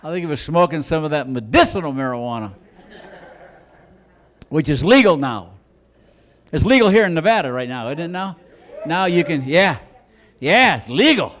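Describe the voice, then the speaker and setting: A comedian from Chicago performing a stand-up set on a club stage, acting out cops with loud siren noises and mock accents. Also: male voice, on the high side, lively intonation, moderate pace, long pauses.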